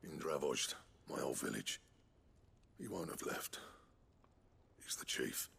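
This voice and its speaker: An actor playing a gruff, proud game blacksmith with a gravelly voice. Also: male voice, extremely low pitch, big pitch swings, slow, sharp tone, slight background noise, full character voice. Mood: grudging.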